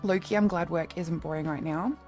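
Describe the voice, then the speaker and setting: Chatty woman streamer over soft music. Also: on the low side, brisk. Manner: chatty and rambling, thanking viewers by name. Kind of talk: casual live-stream chat reading out viewers' messages.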